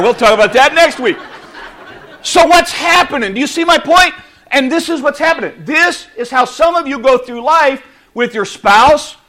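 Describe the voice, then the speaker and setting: A man preaching a sermon, playful and animated, acting out little scenes with the audience. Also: extremely high pitch. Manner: animated, playful, acts out quotes. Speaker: pastor.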